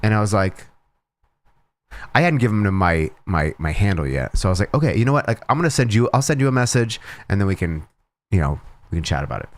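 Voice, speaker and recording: Low-voiced man telling a rambling story. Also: very animated, quick pace. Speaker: cosplayer streamer. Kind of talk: casual livestream chat.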